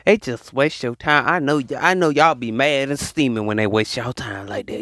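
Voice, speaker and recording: A man hosting a podcast, ranting in an animated, preachy monologue, repeating his points. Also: mid-range voice, normal speed, hardly any pauses, no room sound, clean studio sound. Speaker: podcast host.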